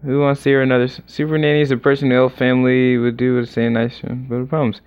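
A man's voice: medium pitch, little pitch movement, quick pace, few pauses. A man giving let's-play commentary while gaming, groaning in mock exasperation. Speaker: gamer. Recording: lo-fi muffled recording.

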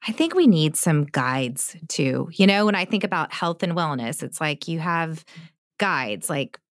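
A woman's voice: low voice, very animated, measured pace, no echo, studio quality. A woman hosting an interview podcast, affirming her guest with enthusiastic, chatty remarks. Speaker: podcast host. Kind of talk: conversational interview.

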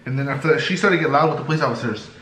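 A young man vlogging while eating, telling a story in a lively way and acting out the people in it. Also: medium pitch, rapid-fire. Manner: animated, acts out the people in his story. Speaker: mukbang vlogger. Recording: echoey room, faint background noise.

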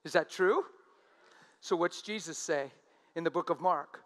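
Animated high-voiced male preacher. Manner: animated, drawn-out emphatic quotes. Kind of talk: sermon.

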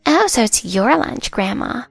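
A woman's voice: on the high side, very animated, unhurried, gravelly, breathy edge, no room sound, soft background music, exaggerated voice. A woman reading as an entitled, sneering young coworker.

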